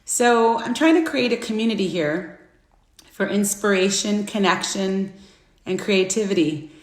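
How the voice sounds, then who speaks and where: Middle-aged woman, casual live-stream host, chatty, echoey room, mid-pitched voice. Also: unhurried. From Florida. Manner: chatty, greets viewers by name with bursts of excitement.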